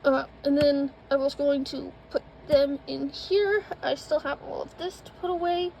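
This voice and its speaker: A woman's voice: high voice, a little slow, creaky, a little mellow, a little hiss or hum, poor audio. A woman vlogging in casual chat inside an RV, rambling with lots of ums as she moves around. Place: indoors in an RV.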